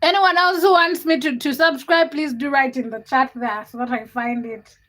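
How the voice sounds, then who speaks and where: A woman's voice: high-pitched, steady tone, moderate pace, a bit bright. A young woman, hosting a casual livestream and chatting with viewers by name in a giggly, teasing way. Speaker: livestream host. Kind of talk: casual livestream chat reading comments.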